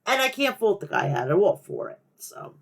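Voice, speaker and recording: A woman's voice: medium pitch, sing-song, moderate pace. A woman with a nasal Long Island New York accent hosting a wrestling podcast, talking in a profane, passionate, rambling rant. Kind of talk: casual rant.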